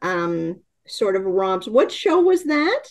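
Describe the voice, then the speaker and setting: A woman hosting an interview, enthusiastic and quick to laugh as she asks her questions. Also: mid-range voice, big pitch swings. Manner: enthusiastic, giggly, fangirling. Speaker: podcast host, interviewer. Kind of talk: casual interview.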